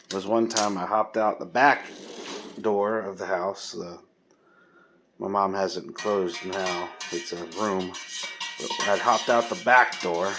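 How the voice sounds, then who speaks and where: A man vlogging, telling a story in a casual, rambling way with many pauses and fillers and folksy, informal speech. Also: on the low side, noisy background.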